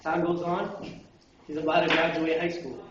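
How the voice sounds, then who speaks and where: A man's voice: a little high, flat delivery, moderate pace. Young guy telling a long joke, lots of "like", muffled lo-fi sound and a faint hiss. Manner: rambling, filler-heavy, self-correcting. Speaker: joke teller. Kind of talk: casual storytelling. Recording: roomy, distant, dull lo-fi amateur video.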